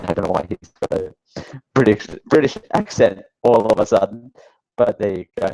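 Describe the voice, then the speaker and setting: A man's voice: fairly low pitch, moderate pace, warm tone, rough recording. A man hosting a live talk show, giving casual, sarcastic commentary that rambles with fillers and restarts. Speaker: show host.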